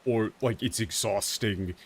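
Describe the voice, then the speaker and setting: A man's voice: lowish voice, unhurried, vocal fry. A young man streaming a game, casually explaining translations with lots of fillers and swearing. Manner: animated, profane, many fillers.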